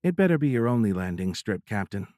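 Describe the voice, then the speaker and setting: A man's voice: on the low side, big pitch swings, quick pace, darkish tone, no echo, clean studio sound. A male audiobook narrator voicing a fiercely independent, playful woman who is a fighter pilot. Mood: teasing. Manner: playful, teasing.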